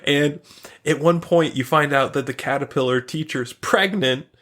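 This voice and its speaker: A man's voice: fairly high pitch, normal speed, a bit bright. A man co-hosting a podcast, retelling a cartoon episode in casual chat, rambling with many fillers and swearing freely. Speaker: podcast co-host.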